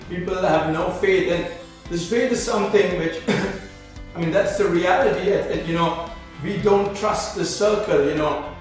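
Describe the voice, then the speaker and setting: Spiritual host, male, high-pitched, animated and repetitive, recorded distant in a very reverberant room. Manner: repeats phrases, many "you know" fillers, grows animated. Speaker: spiritual teacher, show host. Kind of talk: spiritual talk. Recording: very echoey, distant mic, faint music.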